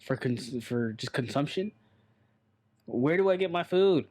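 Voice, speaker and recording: A man's voice: fairly high pitch, expressive, a little slow, darkish tone. A man co-hosting a casual podcast chat, rambling and blunt, swearing offhandedly. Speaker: podcast co-host.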